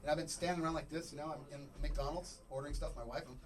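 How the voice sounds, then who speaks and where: A man doing a stand-up comedy set on a club stage, rambling and joking, acting out little scenes with sudden shouts. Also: fairly high pitch, steady tone, quick pace.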